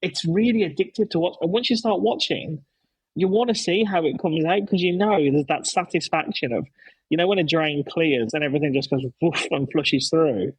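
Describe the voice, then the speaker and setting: A man's voice: on the high side, moderate pace, breathy edge, no echo, low-quality recording. A man hosting a casual podcast, telling stories with enthusiasm and lots of restarts. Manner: rambling, enthusiastic, many restarts. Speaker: podcast host, dad.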